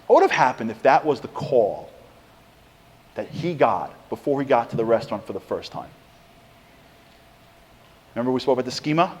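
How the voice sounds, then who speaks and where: A man's voice: medium pitch, normal speed, pauses often, slightly rough. A middle-aged man giving a storytelling sermon, acting out the quotes and building in intensity as he goes. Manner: animated storyteller, acts out quotes, rising intensity. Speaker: speaker giving a Torah talk.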